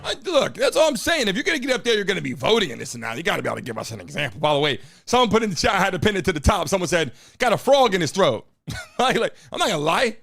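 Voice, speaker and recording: A man hosting a live streamed talk show, brash and profane, a little hoarse as he talks to his chat. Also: high voice, very animated, rapid-fire, fairly bright tone. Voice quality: a bit hoarse, froggy. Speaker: host of a live call-in show.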